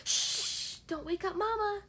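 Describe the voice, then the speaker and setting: A woman voicing a bunch of excited little monkey kids who keep hushing each other, with sudden squeaky outbursts. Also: takes it slowly, full character voice.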